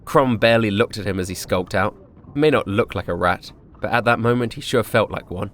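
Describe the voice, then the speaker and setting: A man's voice: lowish voice, a little fast, a little hiss or hum. A man narrating his character's backstory in a wry storytelling manner.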